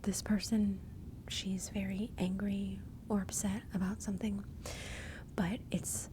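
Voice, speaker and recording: A woman's voice: medium pitch, level tone, a little slow, noisy background. A woman from Texas with a Texan accent, whispering close to the mic as she hosts rambling, self-interrupting ASMR commentary. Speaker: ASMR channel host.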